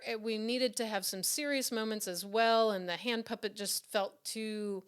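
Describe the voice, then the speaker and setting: A woman's voice: medium pitch, moderate pace, few pauses, clean tone. A woman being interviewed about her work as a puppeteer and director, telling stories casually with frequent laughs, fillers and restarts. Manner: animated, laughs often, many fillers and restarts.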